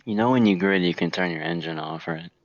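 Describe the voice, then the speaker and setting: A man's voice: deep voice, fairly even intonation, brisk, no room sound, muffled recording. A laid-back man chatting dryly as co-commentator on a race broadcast. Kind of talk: casual commentary banter.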